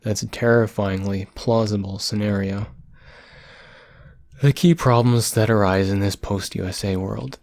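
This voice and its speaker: A man from Canada reading text aloud with halting, self-correcting delivery and apologetic spoken asides, his voice going hoarse, close to the microphone. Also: fairly low pitch, darkish tone, dry recording. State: voice going hoarse from long talking. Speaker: solo podcaster. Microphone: microphone close to the mouth.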